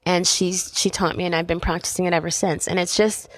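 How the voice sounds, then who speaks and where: A middle-aged woman from Canada, a podcast guest sharing a personal faith story in animated conversation. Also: on the low side, brisk, no room sound. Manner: animated storytelling, acting out voices in quotes.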